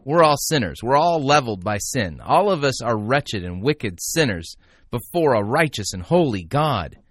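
A man's voice: medium pitch, sing-song, normal speed, fairly bright tone, dry recording. A man giving critical, sarcastic commentary on a sermon clip, into a close mic. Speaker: commentary host reviewing a sermon.

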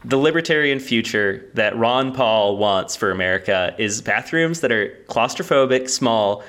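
A man co-hosting a casual comedy podcast, rambling through goofy bits with plenty of ums and likes. His voice sits at an ordinary middle pitch. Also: animated, moderate pace, fairly bright tone. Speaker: podcast co-host.

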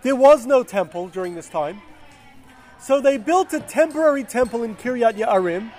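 A man's voice: very high-pitched, animated, moderate pace, a little mellow. A man casually retelling a Bible story, with fillers and self-corrections.

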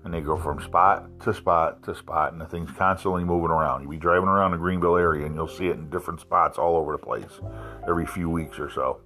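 A man from South Carolina casually telling a profane, animated anecdote. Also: sits low, quick pace, faint music behind. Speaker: storyteller. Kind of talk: casual storytelling.

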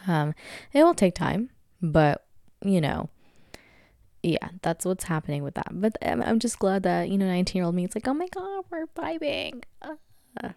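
A woman's voice: fairly low pitch, lively intonation, normal speed, mellow, dry recording, studio quality. A woman in her twenties hosting a casual solo podcast from home, chatty and candid, swearing freely and laughing often. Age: 20s. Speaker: podcast host.

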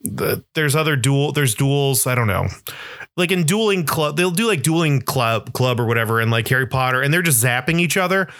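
A man co-hosting a podcast in casual chat, rambling and animated, full of restarts and "like". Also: mid-range voice, brisk, no echo, studio quality. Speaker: podcast co-host.

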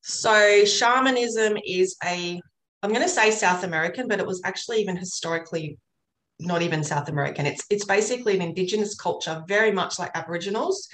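A woman's voice: medium pitch, brisk, a bit bright. A woman talking earnestly about her work as an energy healer, a chatty and rambling storyteller. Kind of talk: casual interview chat. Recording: roomy echo.

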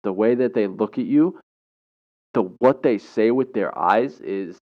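A man in his twenties telling rambling stories in a casual, animated monologue. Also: on the low side, a little slow. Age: 20s. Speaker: storyteller. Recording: dull lo-fi recording.

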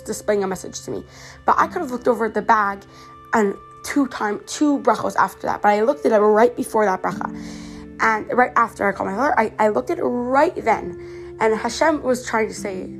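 A teenage girl from Canada talks through her own podcast in an earnest, chatty way, tripping over her words and restarting often. She is a little sick, and soft music plays faintly behind her. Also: mid-range voice, moderate pace. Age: teens. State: slightly sick. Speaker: podcast host. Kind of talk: casual personal podcast monologue.

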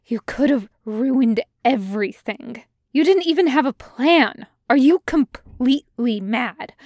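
A woman reading the lines of an angry, proud young nobleman in a fan audiobook, sharp and scolding. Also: a little high, fairly even intonation, takes it slowly, no room sound, clean studio sound.

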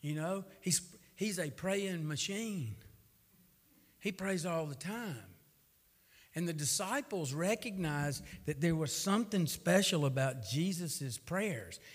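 Preacher in a reverberant hall. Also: male voice, a little high, animated, slow pace. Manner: folksy storytelling, rising to fervent. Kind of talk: sermon.

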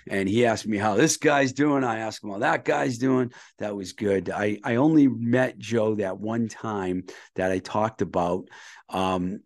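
A man with a fairly low voice hosts a podcast in a casual, rambling chat. His sound is dry and close, with no room around it. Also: a little slow, dry recording. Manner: relaxed, rambling reminiscing with fillers. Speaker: podcast host.

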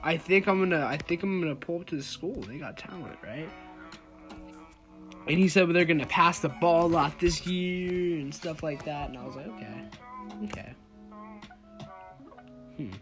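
A man's voice: a little high, moderate pace, fairly bright tone, soft background music. A teenage boy hosting his own podcast, telling a story in a rambling, casual way, full of "like" and swearing. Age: teens. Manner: rambling, loose and profane, heavy on "like". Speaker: podcast host.

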